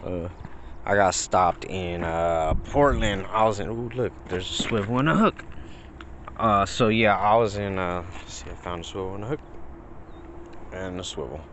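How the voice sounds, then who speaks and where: Rambling low-voiced man vlogging outdoors. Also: moderate pace, a bit bright, slight background noise. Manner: rambling, filler-heavy, retells dialogue in put-on voices. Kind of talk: casual storytelling vlog. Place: outdoors by a fishing pond.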